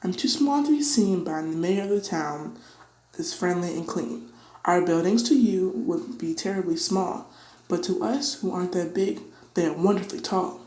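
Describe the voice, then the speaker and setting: A woman's voice: on the low side, lively intonation, moderate pace, a little mellow, echoey room, lightly acted, rough recording. A woman voicing a tiny, grateful male mayor in a piping, polite voice.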